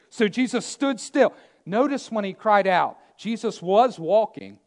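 High-voiced man preaching with swings. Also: measured pace. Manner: emphatic and repetitive, swinging from loud to hushed. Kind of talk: sermon.

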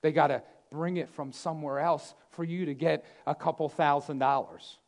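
A man preaching a sermon, emphatic and repetitive, swinging between loud declarations and hushed asides. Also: fairly high pitch, fairly even intonation, moderate pace.

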